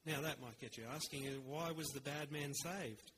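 A man preaching a sermon in an earnest, measured way, with rhetorical pauses. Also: on the high side, fairly bright tone, slight background noise, rough recording.

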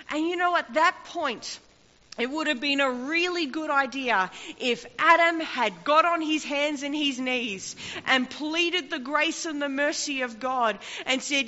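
In an echoing hall, a woman gives an impassioned sermon whose emphasis swells and drops. Her high, sharp voice has lively intonation but a measured pace, and the audio is lo-fi and dull with a long reverb tail.

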